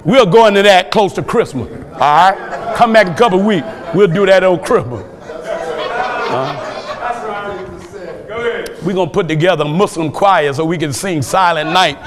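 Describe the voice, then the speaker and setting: A man preaching a fiery sermon, shouting his points with chuckling asides between them. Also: high-pitched, normal speed, pauses often, some chatter behind. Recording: long hall reverb.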